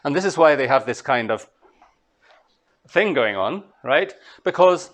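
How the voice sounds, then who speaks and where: A man from Scotland, a translator giving a master class, lecturing in a relaxed way, thinking aloud with fillers and small laughs. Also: a little high, a little slow.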